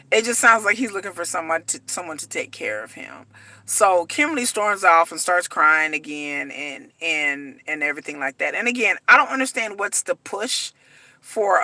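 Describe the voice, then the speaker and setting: A woman ranting casually to her viewers about a reality show, acting out the people she talks about in an animated way. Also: mid-range voice, dry recording. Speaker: reality TV commentator.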